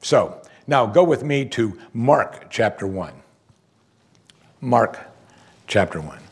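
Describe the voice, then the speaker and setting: A man preaching verse by verse through a Bible passage, animated, breaking off to act out the people he quotes. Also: mid-range voice, slow, breathy edge. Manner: animated, acts out quoted voices.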